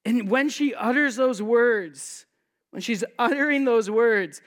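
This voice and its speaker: A man's voice: high-pitched, animated, moderate pace, a bit bright. A man preaching a sermon in a conversational way, posing rhetorical questions to his listeners and slipping in jokes. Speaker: pastor.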